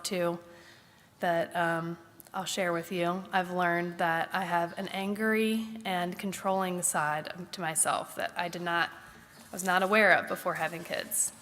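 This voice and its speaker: A woman in her thirties gives a candid, thoughtful personal reflection at a church service, pausing often with fillers as she gathers her thoughts. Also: medium pitch, sharp tone, a little hiss or hum. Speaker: congregant sharing a Mother's Day reflection. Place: church sanctuary. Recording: long church reverb.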